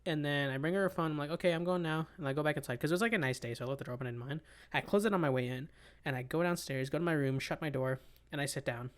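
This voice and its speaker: A young man co-hosting a casual podcast, telling animated, rambling stories. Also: a little high, very fast. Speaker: podcast co-host. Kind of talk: casual chat.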